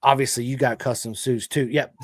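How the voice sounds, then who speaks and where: An American man hosting a podcast, chatting casually and telling animated, hyped-up stories to his guest. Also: mid-range voice, brisk, no room sound, clean studio sound. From United States. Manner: excitable, hyping, animated storyteller. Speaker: podcast host. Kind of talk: casual chat with ad read.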